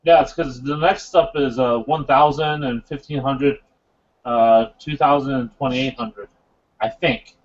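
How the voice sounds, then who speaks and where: A man hosting a casual live model-building stream, joking around and explaining with halting fillers. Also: medium pitch, fairly even intonation. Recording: dull lo-fi stream audio.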